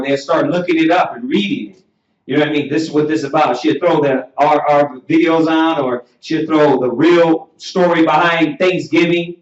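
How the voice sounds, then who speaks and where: Here a teacher's voice, a little high and Southern US in accent, fills an echoey room as he preaches emphatically through a class lesson. Drawn-out questions repeat while he builds close to shouting. Captured far off the mic, it comes through muffled and roomy.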